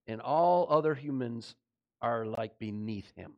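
Male pastor, high pitch, conversational sermon delivery. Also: normal speed, a little mellow. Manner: conversational preaching, asks the congregation questions; dramatizes voices of God and Jonah in quotes.

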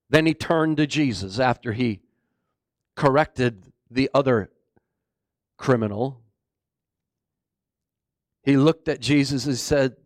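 A man preaching a sermon, swinging between booming exclamations and hushed, low passages. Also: a little slow, long pauses, dry recording, clean studio sound. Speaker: pastor.

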